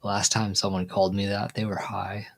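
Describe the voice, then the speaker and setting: A man's voice: fairly low pitch, flat delivery, moderate pace, gravelly. A man hosting a casual livestream chat in a laid-back, rambling way. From Virginia, USA. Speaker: livestream host.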